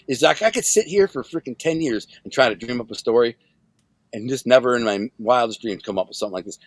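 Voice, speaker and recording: A man from Detroit telling his life story as a guest, in a casual, animated way, acting out what others said and repeating words for emphasis. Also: quick pace, husky, no echo. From Detroit, USA. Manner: animated, acts out quoted voices with big pitch jumps.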